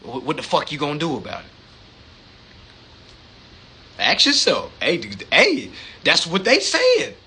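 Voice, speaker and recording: A man holds forth on a live stream in a profane, slang-heavy monologue. He keeps asking rhetorical questions and repeating words. His voice sits high and swings widely, and it sounds bright and husky. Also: wildly swooping pitch, normal speed. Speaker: livestream host.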